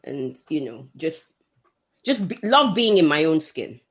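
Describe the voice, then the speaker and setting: A woman co-hosting a podcast, reacting loudly and laughing in a casual group chat. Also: sits low, big pitch swings, measured pace. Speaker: podcast co-host.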